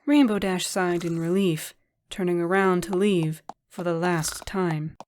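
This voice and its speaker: A woman narrating a fan-fiction story in a gentle, even reading style. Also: fairly low pitch, unhurried, slight background noise.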